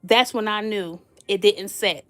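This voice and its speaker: A woman's voice: mid-range voice, unhurried, fairly bright tone. A woman telling a funny personal story in a casual, slangy way, laughing often and teasing playfully. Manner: slangy, chatty, addresses listeners directly.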